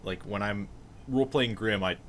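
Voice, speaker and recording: A man's voice: on the low side, moderate pace, fairly bright tone, slight background noise. A man talking about role-playing in casual podcast chat, hesitant and restarting often. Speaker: player.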